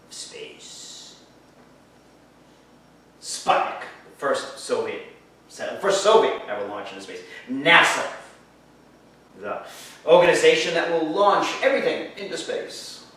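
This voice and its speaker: A man teaching a history lecture, lively and sarcastic, talking straight to his class. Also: medium pitch, slight background noise. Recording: echoey room, far from mic.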